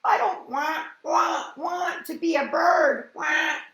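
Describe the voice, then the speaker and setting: A woman voicing an excitable male dog who barks between his words, in a children's storybook read-aloud. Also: high voice, measured pace, full character voice. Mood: panicked. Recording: roomy echoey room.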